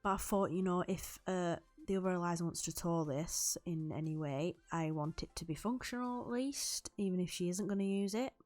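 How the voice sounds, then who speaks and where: A woman's voice: on the low side, moderate pace, hardly any pauses, darkish tone, soft background music. A young woman chatting loosely over a game build, rambling and laughing often. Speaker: YouTube Sims builder. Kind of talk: recorded voiceover over gameplay.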